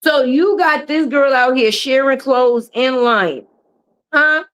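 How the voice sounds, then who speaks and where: High-voiced woman ranting on a live stream. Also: takes it slowly, a bit bright. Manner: profane, mocking, switches into jeering put-on voices. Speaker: commentary streamer.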